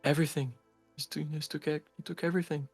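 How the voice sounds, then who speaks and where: A man's voice: on the high side, level tone, fast talker, soft background music, pitched above the performer's own voice. A man voicing a desperate female blacksmith who stammers and keeps repeating herself.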